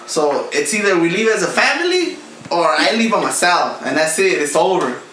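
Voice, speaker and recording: A man's voice: sits high, very animated, normal speed, pushed and bright. Laid-back man telling stories. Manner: laid-back, heavy slang and swearing. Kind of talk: casual storytelling chat. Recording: echoey room with background noise.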